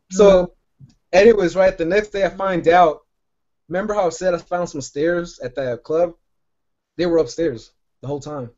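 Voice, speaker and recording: A man's voice: high-pitched, steady tone, a little slow, a little mellow. A man telling a long rambling story on a podcast, swearing a lot and padding it with "like" and "right?". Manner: rambling, profane, lots of "like" and "right?". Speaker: podcast co-host. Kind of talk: casual storytelling. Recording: dull lo-fi sound.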